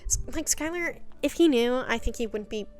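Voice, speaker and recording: Young woman, higher voice, smooth and clear; chatty sassy recapper, faint music behind. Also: lively intonation, normal speed, a little mellow. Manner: sassy, exasperated asides, lots of "like". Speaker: video creator recapping a web series. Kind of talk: casual chatty recap commentary.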